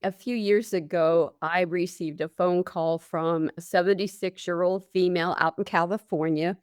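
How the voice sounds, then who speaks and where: A woman's voice: on the low side, fairly even intonation, normal speed, a little mellow, clean tone, no echo, studio quality. A woman hosting a caregiving podcast, earnestly explaining with client stories and statistics. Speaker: podcast host, nurse. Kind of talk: interview conversation.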